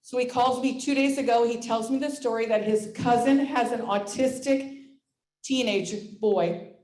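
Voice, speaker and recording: Excitable woman presenter in her 60s, high voice, echoey room, loud motivational storyteller. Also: unhurried. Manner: excitable, loud, laughs often. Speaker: presenter at a sales meeting.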